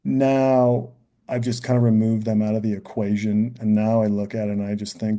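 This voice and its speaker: Male podcast guest, low and very dark in tone, earnest and searching, thinks out loud in a conversational way. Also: flat delivery, moderate pace. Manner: earnest, thinks aloud, often adds "you know" and "right?".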